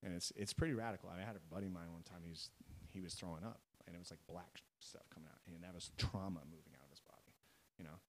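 Deep-voiced fast-talking man explaining. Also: steady tone, a little hiss or hum, poor audio. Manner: earnest, keeps checking in with "right?" and "you know?". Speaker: guest, mental coach for athletes. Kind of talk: explaining in a podcast conversation.

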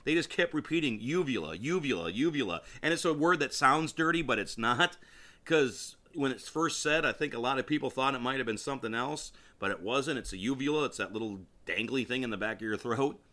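A man talks on his own podcast in a loose, enthusiastic ramble. His voice is bright and forward, and he often breaks off mid-sentence to start over. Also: mid-range voice, animated, fairly quick. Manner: rambling and enthusiastic, with frequent restarts. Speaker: podcast host. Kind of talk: casual solo podcast commentary.

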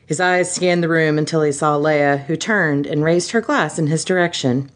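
A woman's voice: deep voice, moderate pace. A woman co-hosting a podcast, reading fan fiction aloud between fits of laughter. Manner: laughing, giggly narration. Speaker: podcast host.

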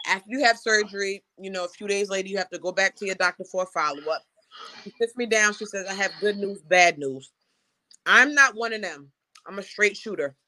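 A woman hosting a casual talk show, telling a personal story in a frank, animated way with laughs. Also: mid-range voice, dry recording. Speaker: host.

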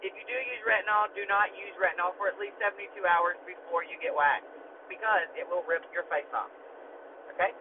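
A man in a slightly high register tells a story on his podcast, chatty and animated, with fillers and casual swearing. The sound is thin and phone-like, with a faint hiss underneath. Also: fairly quick. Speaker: podcast host.

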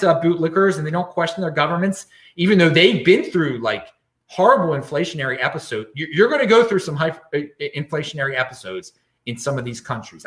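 A man hosts a live-stream show in a fairly high, fairly bright voice, talking bluntly and emphatically. He stumbles and restarts often while reading chat questions, and the room sounds echoey.

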